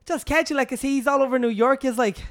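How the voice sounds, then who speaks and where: A woman's voice: high-pitched, fast. A woman chatting casually on a podcast, blunt and slangy, swearing freely. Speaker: podcast co-host. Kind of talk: casual chat.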